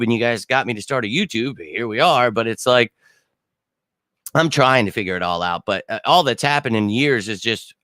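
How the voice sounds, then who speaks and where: A man's voice: medium pitch, pushed and bright, no room sound. A young man hosting a casual livestream chat, rambling and blunt, swearing casually. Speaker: sports channel host.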